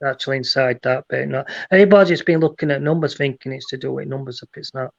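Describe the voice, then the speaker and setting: A man's voice: mid-range voice, fairly even intonation, quick pace, vocal fry. Chatty man, lo-fi phone audio. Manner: rambling joke-telling with restarts. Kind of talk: casual chat.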